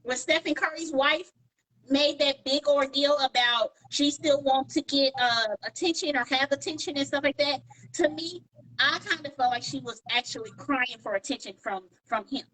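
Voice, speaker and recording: A woman co-hosting a podcast in casual chat, telling animated stories and acting out what people said. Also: high voice, normal speed, rough recording. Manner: animated storyteller, acts out quoted dialogue. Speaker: podcast co-host.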